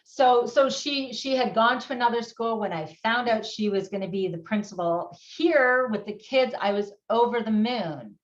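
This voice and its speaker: A middle-aged woman talks with lively energy, laughing as she speaks, her voice pitched a little high. The sound is dull and lo-fi, like a video call. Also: normal speed, hardly any pauses. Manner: animated, laughs often, acts out quotes. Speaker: guest on grief. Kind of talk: conversational interview.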